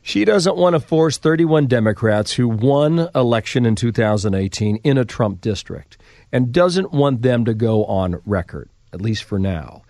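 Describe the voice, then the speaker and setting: Lively male podcast host, dry sound. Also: medium pitch, measured pace, no echo. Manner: probing questions, lively emphasis. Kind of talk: podcast interview.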